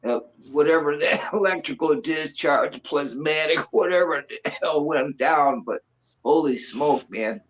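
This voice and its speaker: A man's voice: a little high, measured pace, rough recording. Rambling, laughing man in his sixties. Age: 60s. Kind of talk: casual stream chat.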